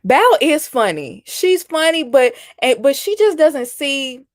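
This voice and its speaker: A woman's voice: high voice, sing-song, slow pace, dry recording, clean studio sound. A woman, hosting a casual live-stream reality-show commentary and chatting with viewers. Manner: chatty, reacts to viewer comments, mimics people mockingly. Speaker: host.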